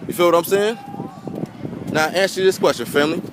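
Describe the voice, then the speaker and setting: A man's voice: high-pitched, a little fast. A man giving an impassioned, emotional monologue to camera outdoors by a pier, preachy and repetitive, swearing and calling his viewers family. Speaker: vlogger. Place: outdoors by a pier near water. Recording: outdoor wind and water noise.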